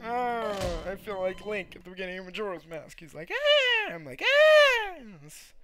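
A young man giving loud, goofy commentary while playing a video game, with sudden shouted outbursts. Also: sits high, brisk, a crowd in the background. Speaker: let's play gamer. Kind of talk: energetic gameplay commentary.

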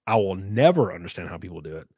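A man's voice: sits low, big pitch swings, fast, darkish tone, husky, no room sound, studio quality. A man hosting a podcast, telling stories in a rambling, profane way full of fillers and restarts. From US South. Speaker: podcast host. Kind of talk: casual chat.

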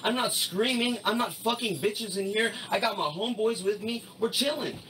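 A man's voice: high voice, moderate pace, pushed and bright. A man arguing defiantly with his landlady during a live stream, repeating himself and refusing to back down. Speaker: livestreamer. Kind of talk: heated live-stream argument. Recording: distant mic with faint background noise.

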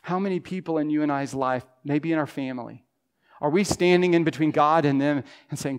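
Impassioned preaching man, higher voice. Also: brisk, clear, resonant tone. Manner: impassioned preaching, voicing pleading prayers. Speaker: pastor. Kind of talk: sermon. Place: church sanctuary.

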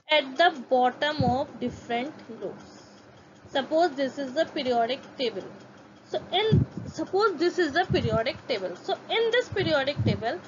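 Indian woman, chemistry teacher, high-pitched, step-by-step explanations, mixing Hindi and English, muffled recording, clear background hiss. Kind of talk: classroom lecture. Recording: dull lo-fi audio with clear background noise.

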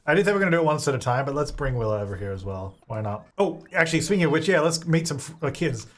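A man's voice: fairly high pitch, sing-song, very fast. A young man hosting a life-sim let's play, chatty and laughing often as he plays. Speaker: gaming channel host.

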